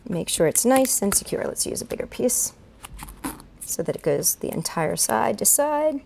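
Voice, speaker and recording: A woman's voice: on the high side, big pitch swings, moderate pace, vocal fry, darkish tone, a little hiss or hum. A woman who entertains at children's events, walking viewers through a duct tape craft step by step. She talks while she works and keeps an upbeat, encouraging tone. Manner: chatty, narrates each step aloud while working with her hands.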